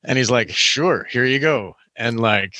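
A man's voice: mid-range voice, a little slow, bright, forceful tone, no echo. A young man telling a long story in casual chat, rambling with lots of "like" and "you know".

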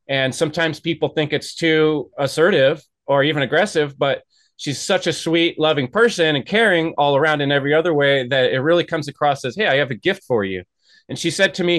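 A man's voice: on the high side, a bit bright, no room sound. A man hosting an interview, telling stories in a rambling, chatty way. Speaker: host. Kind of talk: casual interview chat.

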